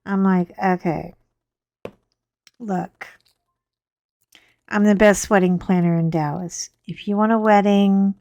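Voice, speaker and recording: A middle-aged woman, hosting a crafting channel and telling rambling, animated stories while she works. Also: medium pitch, slow, pauses often, no room sound, muffled recording. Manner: chatty, rambling, animated storyteller. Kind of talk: casual storytelling while crafting.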